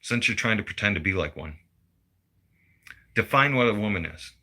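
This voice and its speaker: A man's voice: fairly low pitch, expressive, moderate pace, pushed and bright. A man, delivering a blunt, heated political rant full of swearing. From Canada. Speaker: vlogger.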